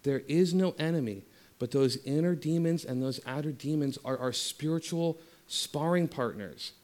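A man giving a spiritual talk that moves from passionate teaching into a soft, slow guided meditation. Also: a little high.

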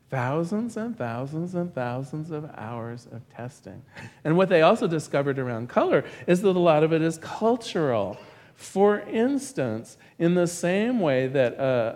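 A man preaching with a fairly high, very lively voice that swings up and down as he tells stories. His words ring with a long reverb, as if he is speaking in a large church hall. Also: normal speed. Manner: animated storytelling, acts out a joke with rising excitement. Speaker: pastor. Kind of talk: sermon.

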